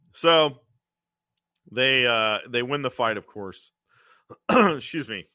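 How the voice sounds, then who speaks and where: A man co-hosting a podcast, recapping an old TV episode in an animated way, acting out the characters' lines and often clearing his throat. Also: mid-range voice, very slow, no room sound, studio quality. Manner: animated storytelling, acting out quotes in funny voices. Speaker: podcast co-host.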